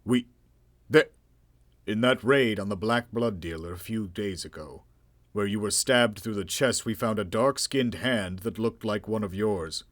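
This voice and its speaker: A man voicing a stern male police commander who gives brisk, matter-of-fact orders. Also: fairly low pitch, a bit bright. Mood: guarded.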